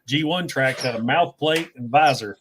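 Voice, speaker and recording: A man's voice: mid-range voice, normal speed, a bit bright, slight background noise. A man hosting a casual chat, telling stories in a laid-back way and chuckling as he goes. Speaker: host.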